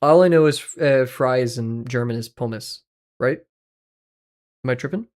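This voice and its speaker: Chatting loosely with his viewers, this male streamer drifts from one subject to another in casual livestream commentary, cursing freely, joking and laughing a lot. His middle-pitched voice is unhurried and a little mellow.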